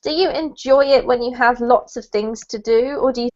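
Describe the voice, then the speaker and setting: A woman's voice: a little high, normal speed, a little mellow. Chatty woman teaching over a call. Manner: chatty, encouraging, laughs easily. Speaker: online English teacher. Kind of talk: casual teaching chat on a video call. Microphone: video call. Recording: muffled video-call audio.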